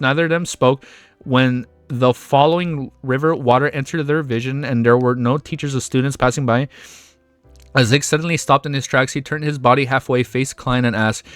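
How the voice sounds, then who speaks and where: A man reading a web novel aloud on stream, breaking off into excited, profane reactions and laughter. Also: medium pitch, dry recording.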